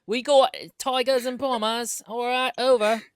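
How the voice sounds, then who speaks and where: Brief: man doing a jaunty, clipped old-timey British pilot over the radio, pitched up high. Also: flat delivery, unhurried, clear, resonant tone. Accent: put-on British.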